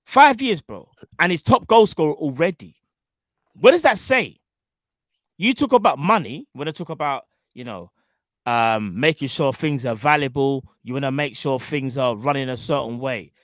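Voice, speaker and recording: A man's voice: mid-range voice, moderate pace, fairly bright tone, no room sound, clean studio sound. A man hosting a football fan show, arguing his point emphatically with slang and repetition. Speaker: fan channel host. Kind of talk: impassioned football opinion.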